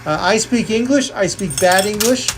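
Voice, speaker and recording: This live game show host runs a coin-pusher stream, narrating each play and adding up scores aloud with a playful, joking manner. She speaks at a moderate pace in a mid-range voice with lively intonation, against a noisy background.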